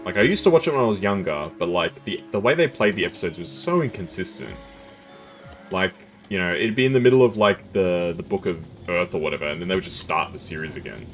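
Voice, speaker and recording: A man's voice: deep voice, expressive, quick pace, faint music behind. A man streaming a game, chatting casually in a rambling way. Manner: chatty, rambling, chuckles often. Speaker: gaming streamer. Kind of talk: casual gameplay commentary.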